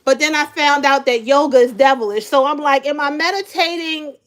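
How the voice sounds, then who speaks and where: Woman host, high voice, chatty live commentary aimed at the viewers. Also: a little fast, a bit bright. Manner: chatty, repeats words, talks straight to viewers.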